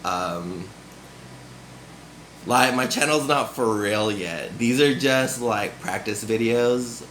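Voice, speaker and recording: A man's voice: mid-range voice, slow, a bit bright. A man from the United States vlogging to camera in a casual, rambling way, with many "like"s and restarts. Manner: loose, filler-heavy talk with many "like"s and restarts. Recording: roomy echo with faint background noise.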